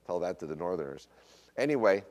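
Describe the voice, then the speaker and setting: Northern US man, lecture storyteller, low voice with swooping lively pitch, quotes others. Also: a little fast. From United States. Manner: animated retelling with quoted voices, frequent uh fillers. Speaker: speaker.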